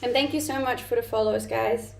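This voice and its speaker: Creaky-voiced young Danish woman streaming. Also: a little high, steady tone, fairly quick, darkish tone. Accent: mixed, Danish-tinged English. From Denmark. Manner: chatty, reads chat aloud and answers with light laughs. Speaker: streamer and content creator. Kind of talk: casual livestream chat. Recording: roomy echo.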